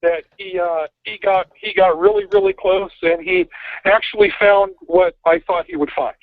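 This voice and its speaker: A man calling in to a radio show, giggly and talking slowly. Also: high-pitched, very animated, creaky. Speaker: caller. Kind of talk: phone call to radio show. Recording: tinny phone line.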